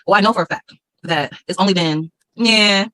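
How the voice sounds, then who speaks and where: A woman's voice: medium pitch, moderate pace, bright, forceful tone, no echo, poor audio. A woman vlogging straight to her viewers in a combative, repetitive way, reading legal passages aloud between her own remarks. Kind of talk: direct-to-camera video rant, reading legal text aloud.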